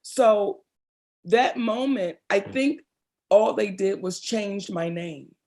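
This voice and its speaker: A middle-aged comedian and actress from Baltimore, Maryland, tells stories in an interview, animated and expressive, calling people "baby." Her voice is mid-range and she takes it slowly.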